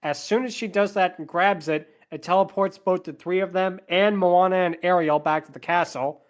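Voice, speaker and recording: A man's voice: high voice, steady tone, moderate pace. A man hosting a podcast, walking through a movie's plot scene by scene and dropping sarcastic asides. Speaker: podcast host.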